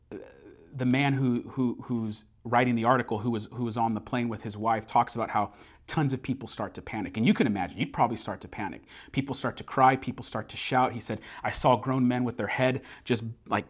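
A man preaching a sermon, earnest and building to emphatic repeated phrases, slowing down to recite a creed. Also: medium pitch. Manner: slows down to recite a memorized creed. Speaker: pastor.

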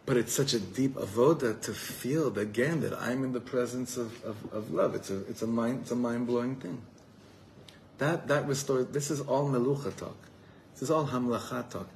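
An earnest rabbi speaks to a live evening crowd in a mid-pitched male voice. He talks heartfelt and unscripted, stumbling over repeated words and dropping Hebrew terms as he goes. A faint hum of room noise sits behind him. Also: low-quality recording. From Los Angeles, USA. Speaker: rabbi giving a talk. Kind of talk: live inspirational talk to a gathering. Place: evening gathering before a live audience.

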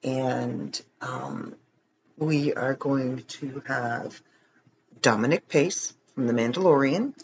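A man's voice: mid-range voice, takes it slowly, highs cut off, noisy background. A man hosting a podcast late at night, tired and rambling, chatting casually with self-deprecating jokes and frequent chuckles. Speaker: podcast host. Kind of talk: casual chat.

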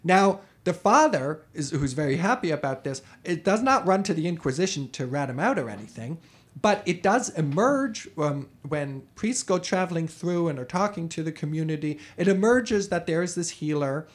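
A man co-hosting a podcast, telling a history story in a chatty, animated way with frequent restarts. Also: on the high side, moderate pace. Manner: animated, chatty, self-correcting. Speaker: podcast co-host. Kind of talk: casual conversational storytelling.

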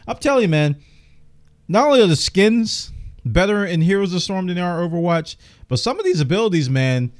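A man's voice: on the high side, darkish tone. A man hosting a gaming news podcast, chatting casually and enthusiastically while reading out details, his voice a bit worn. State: losing his voice, coughing.

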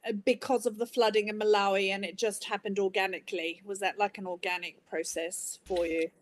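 A woman's voice: mid-range voice, flat delivery, fairly quick. A woman hosting an interview, asking conversational questions and encouraging her guest.

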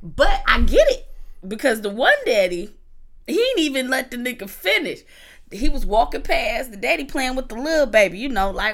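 Lively high-voiced woman telling stories. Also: brisk, vocal fry. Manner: animated storytelling, acts out voices. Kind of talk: casual chat.

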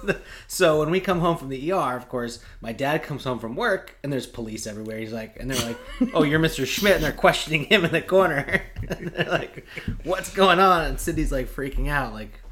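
A man's voice: medium pitch, animated, brisk, fairly bright tone. A man co-hosting a podcast, telling a childhood story in casual chat, acting out quotes and laughing often. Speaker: podcast co-host.

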